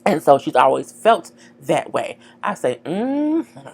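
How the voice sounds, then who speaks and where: A woman casually recapping a TV episode, slangy and animated, talking straight to her viewers. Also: extremely low pitch, measured pace, vocal fry. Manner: animated, slangy, acts out dialogue, chats to viewers. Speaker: TV show recapper.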